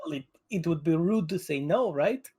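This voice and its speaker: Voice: mid-range voice, lively intonation, normal speed, vocal fry, dark tone, breathy edge. A tabletop player describing his character's actions in an easygoing way. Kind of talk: casual tabletop play.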